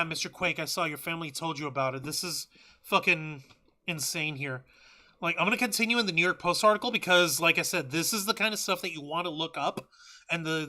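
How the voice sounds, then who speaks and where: A fired-up man hosting a livestream, reading out news and chat comments between angry, profanity-laced rants. His voice sits high for a man and has a sharp, piercing edge. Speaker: livestream host.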